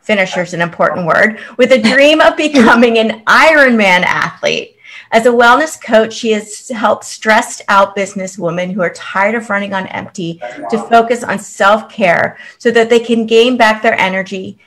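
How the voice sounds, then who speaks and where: A woman's voice: mid-range voice, fairly bright tone. A woman hosting a parenting podcast, reading an upbeat scripted introduction and then interviewing a guest with exclamatory enthusiasm. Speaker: podcast host.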